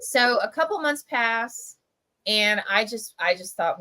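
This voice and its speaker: A woman's voice: on the high side, animated, takes it slowly, bright, forceful tone, low-quality recording. A middle-aged woman from New Jersey, a press editor, chatting casually on a livestream as she tells a childhood story, full of "like" and "right?". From Camden, New Jersey. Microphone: video call.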